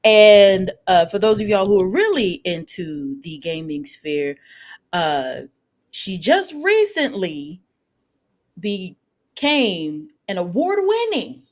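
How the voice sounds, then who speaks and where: A woman's voice: medium pitch, sing-song, takes it slowly. A woman from Texas hosting a live stream interview, talking with playful, slangy hype. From Austin, Texas. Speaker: host.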